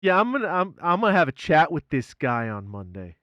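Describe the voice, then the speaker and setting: Streamer, male: animated and foul-mouthed, higher voice swinging all over, dry close mic. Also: brisk, dry recording, highs cut off. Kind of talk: casual live-stream chat.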